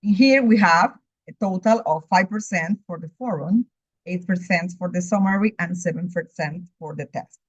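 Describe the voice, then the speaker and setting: A woman's voice: fairly low pitch, moderate pace, slightly rough, no echo. A woman teaching English, whose first language is Spanish, reading methodically through a course outline in a recorded overview. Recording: dull lo-fi recording, dry.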